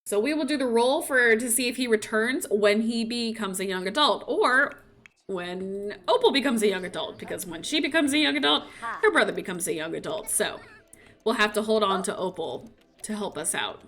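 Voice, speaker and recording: A young woman with a bright, slightly high voice gives casual commentary over a life-sim game. She chats to her characters as she plays and slips into playful little voices for them. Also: expressive, moderate pace. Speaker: streamer.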